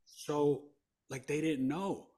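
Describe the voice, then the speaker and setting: Speaking slowly in a voice on the high side, a man from New York shares his story as a podcast guest. He has a New York accent, is animated, acts out what people said, and laughs frequently.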